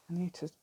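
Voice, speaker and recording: A woman's voice: fairly low pitch, warm tone, breathy edge, no room sound. A British woman hosting a craft channel, chatting through a crafting demonstration and rambling to herself with giggly asides.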